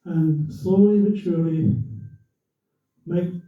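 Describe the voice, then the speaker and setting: An older man spins an animated story for a club audience, acting out every voice he quotes. His voice sits fairly high for a man and comes from some way off the mic. It rings around an echoey hall on a dull, lo-fi recording. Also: slow pace, recorded from a distance. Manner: animated, acts out quotes and a commentator's voice. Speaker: former racer telling a story to a club audience. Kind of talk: anecdotal storytelling. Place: club room.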